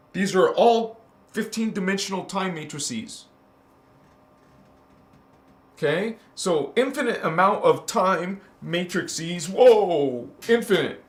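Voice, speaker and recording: A man's voice: a little high, a bit bright, reverberant. A man giving a spiritual teaching monologue, preaching in an emphatic, repetitive way.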